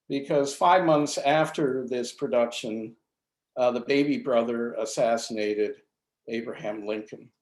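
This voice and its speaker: A man's voice: medium pitch, unhurried, echoey room. An older man giving a history talk to a club, hesitant, with many fillers and restarts. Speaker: invited speaker.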